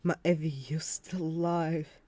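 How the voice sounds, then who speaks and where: A storyteller voicing a grieving alien clan father who has just found his lost child, speaking softly and with emotion. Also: medium pitch, steady tone, takes it slowly. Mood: tender.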